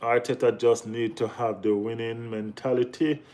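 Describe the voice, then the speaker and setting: Laid-back man, chatty. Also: moderate pace. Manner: repeats "you know what I mean", bursts into high excited exclamations. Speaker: host of a football live chat. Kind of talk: casual live-stream chat.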